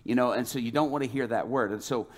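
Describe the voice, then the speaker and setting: A man preaching, telling a testimony as a lively storyteller who acts out the dialogue. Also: medium pitch, quick pace. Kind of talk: sermon testimony.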